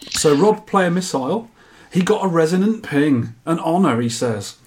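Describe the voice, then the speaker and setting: A man's voice: a little high, animated, normal speed, darkish tone. A man hosting a podcast, chatting casually and reading out listener feedback with jokey asides. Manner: jokey, chatty, laughs at his own quips. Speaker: podcast host.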